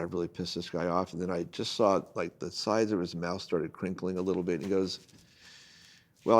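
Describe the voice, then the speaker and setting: Older guy with a deep voice spinning a long story, doing everyone's lines. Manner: animated anecdote-telling, acts out quoted people. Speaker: guest photojournalist. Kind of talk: storytelling in a casual conversation.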